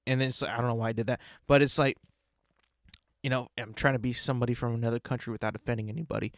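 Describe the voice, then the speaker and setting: A man's voice: mid-range voice, little pitch movement, very fast, dry recording, studio quality. A man hosting a casual solo podcast, rambling playfully and savoring talk of food. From United States. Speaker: podcast host.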